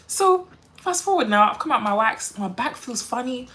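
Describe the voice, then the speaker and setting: A woman's voice: a little high, animated, fairly quick, a bit bright. A woman, chatting animatedly while doing her makeup on a livestream, full of quoted voices and laughter. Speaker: beauty livestream host.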